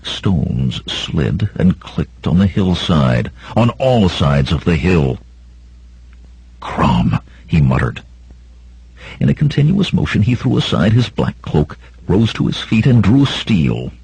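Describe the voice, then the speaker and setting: A man's voice: low-pitched, big pitch swings, a little slow, gravelly, a little mellow, husky, dry recording. A man reading a sword-and-sorcery audiobook as dramatic narration, raising his voice for the battle cries. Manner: acts out battle cries in a raised voice.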